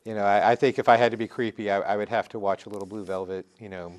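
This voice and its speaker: A man's voice: lowish voice, little pitch movement, fast talker. A man hosting a casual panel interview, joking around and rambling with restarts. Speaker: host.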